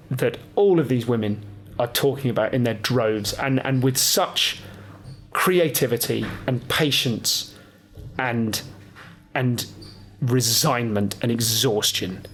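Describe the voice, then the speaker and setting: A man hosting a podcast, talking in an earnest, impassioned and self-deprecating solo monologue with frequent swearing. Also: medium pitch. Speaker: podcast host.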